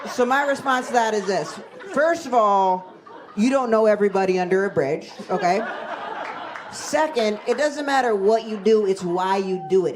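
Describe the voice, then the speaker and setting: A woman's voice: medium pitch, noisy background. A woman in her forties doing a stand-up comedy set on a club stage, telling stories in a wry, self-deprecating, conversational way into a handheld mic. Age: 40s.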